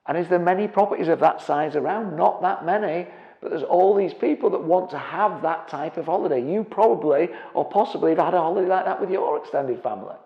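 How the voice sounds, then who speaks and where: A man giving an energetic seminar presentation as a property investment trainer, often checking in with the audience. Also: high voice, a little fast, creaky. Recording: dull, echoey hall with long reverb.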